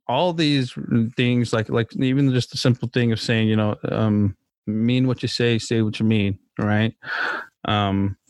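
A man's voice: medium pitch, no echo. A man in casual conversation, laid-back and swearing freely, acting out the people in his stories. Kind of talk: casual chat.

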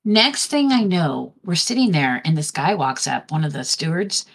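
Low-voiced woman telling rambling stories. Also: moderate pace, creaky, husky. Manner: rambling, animated anecdote telling with restarts. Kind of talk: casual storytelling chat.

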